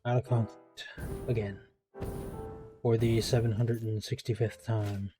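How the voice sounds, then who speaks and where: A man's voice: lowish voice, level tone, unhurried. A man streaming himself playing a game, talking casually and rambling, often correcting himself mid-sentence. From United States. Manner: rambling, self-correcting, chatty asides. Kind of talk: casual commentary over gameplay. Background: music in the background.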